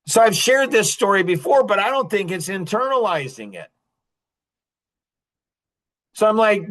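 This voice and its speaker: High-voiced man ranting emphatically. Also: animated, unhurried, a bit bright. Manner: emphatic and repetitive, ranting with short laughs. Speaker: podcast host. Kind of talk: impassioned monologue.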